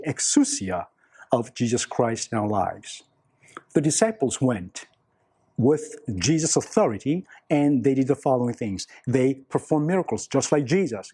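A man's voice: mid-range voice, dark tone, slightly rough. A man preaching a sermon, earnest, repeating key words for emphasis and putting questions to the congregation. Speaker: pastor.

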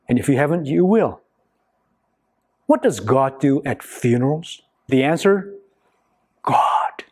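A man preaching a sermon to his congregation in a church, slow and emphatic, with long pauses between phrases. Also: on the high side, warm tone, breathy edge. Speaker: pastor. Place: church sanctuary.

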